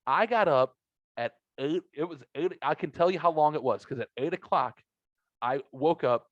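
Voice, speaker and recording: A man's voice: fairly high pitch, moderate pace, dry recording. Profane middle-aged man telling stories. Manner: profane, animated storyteller. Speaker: podcast host. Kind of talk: casual storytelling chat. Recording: dull lo-fi audio.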